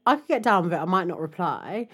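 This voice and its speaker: Podcast co-host: young woman, lowish voice, animated, acts out what people said. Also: fast talker, slightly rough. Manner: animated, laughing, acts out quotes. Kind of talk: casual chat.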